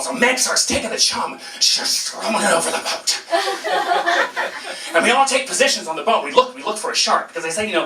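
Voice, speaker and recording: Bright, animated male storyteller. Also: high voice, quick pace, reverberant. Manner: animated, self-mocking, acts out voices and sounds. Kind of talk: live personal storytelling.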